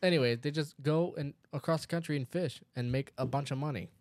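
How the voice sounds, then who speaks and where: A man's voice: on the high side, fast talker, darkish tone, no echo. A man co-hosting a casual podcast, with loose, swearing banter. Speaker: podcast co-host. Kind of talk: casual chat.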